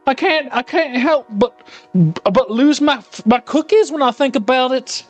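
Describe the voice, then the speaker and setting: Lively high-voiced man rambling while cooking. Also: unhurried. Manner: animated, rambling, sarcastic. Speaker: live-streaming home cook. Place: home kitchen. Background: faint music.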